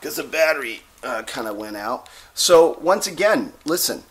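A man giving a rambling, digressive vlog talk as a self-styled reverend, often pausing to check in with listeners. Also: medium pitch, big pitch swings, fairly bright tone. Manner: rambling, digressive, with frequent "okay?" check-ins. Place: Texas.

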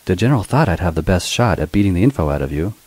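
A cool-headed young woman officer, as a male reader voices her with barely any change from his own very deep voice. She speaks in a dry, blunt way. The sound is close and dry. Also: lively intonation, rapid-fire, darkish tone, slightly rough, no echo.

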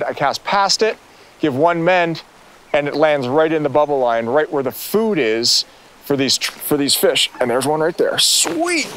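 A man's voice: fairly high pitch, fairly bright tone, a little hiss or hum. A man giving enthusiastic, exclamatory fishing commentary and tips from a boat on a river. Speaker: angler on a fishing show.

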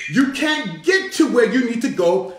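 A man preaches from the pulpit, his high voice swooping and climbing as he calls the church to respond. The sound rings around a roomy sanctuary. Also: sing-song, measured pace. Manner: rising, shouting preaching with call-and-response. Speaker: bishop. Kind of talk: sermon.

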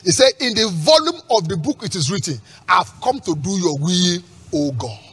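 A pastor preaching a sermon with emphatic call-and-response questions, repeating words and breaking into shouts at the peaks. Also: male voice, high-pitched, expressive, normal speed, husky.

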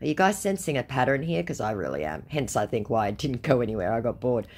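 A woman's voice: rumbling low, sing-song, quick pace, darkish tone. A woman in her forties sarcastically retelling a chat with a scammer. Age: 40s. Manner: sarcastic, dry. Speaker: scambaiting storyteller. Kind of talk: comic retelling of chat messages.

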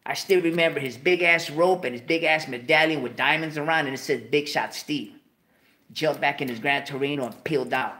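La guy hosting, kinda high voice, swearing a lot telling a story. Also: fairly quick. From South Central Los Angeles. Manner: profane, animated, slips into voices of people in his story. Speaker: host. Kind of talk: casual storytelling.

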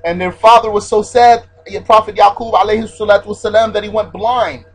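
A man's voice: high voice, fairly even intonation, brisk, breathy edge, soft background music, poor audio. A man teaching a religious lesson, repeating his key points and stressing Arabic terms as he explains.

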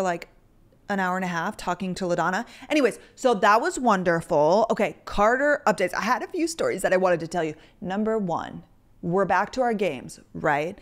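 A young woman hosting a podcast, chatting casually into a microphone and telling stories with lots of "like" fillers. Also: medium pitch. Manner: chatty storyteller, heavy use of "like". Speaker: podcast host. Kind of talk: casual chat.

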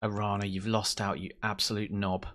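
A young man commentating on his own football management game, excitable, cheering his team and mocking rivals. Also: on the low side, fairly quick. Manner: excitable, swears and mocks players. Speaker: let's play host.

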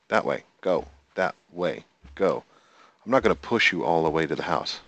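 A man's voice: sits low, expressive, normal speed, fairly bright tone, dry recording. A man giving casual commentary on his own gameplay, chatting to himself, counting aloud and talking to the animals on screen. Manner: talks to the in-game animals. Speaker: gameplay video host.

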